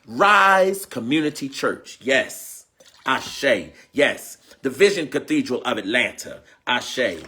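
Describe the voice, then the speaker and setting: A man's voice: mid-range voice, lively intonation, slow, bright, forceful tone. A man preaching a livestream sermon, fervent and emotional, repeating phrases, crying out, and calling to viewers by name. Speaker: preacher and teacher hosting a livestream. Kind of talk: call-and-response livestream sermon.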